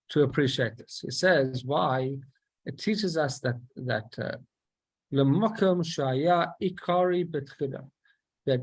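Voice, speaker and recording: A man's voice: a little high, slightly rough. A man teaching a class, explaining a religious text and posing questions and then answering them himself, with frequent restarts.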